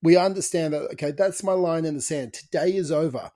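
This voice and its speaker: A man's voice: fairly high pitch, a little fast, warm tone, no echo, clean studio sound. A man co-hosting a podcast as a coach, speaking in an encouraging, casual way. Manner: encouraging, says mate.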